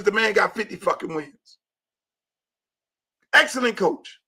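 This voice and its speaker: A man hosting a show, ranting about football with loud, profane, emphatic repetition. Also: high voice, unhurried, long pauses, slightly rough. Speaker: talk show host; high school football coach. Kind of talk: profane sports rant.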